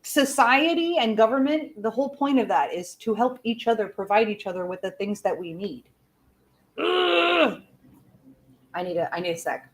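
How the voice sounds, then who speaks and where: A woman's voice: mid-range voice, a little fast, hardly any pauses. A woman hosting a casual talk-radio show, ranting with lots of swearing and chatting about her day. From outside the United States. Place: home studio, smoking while on air.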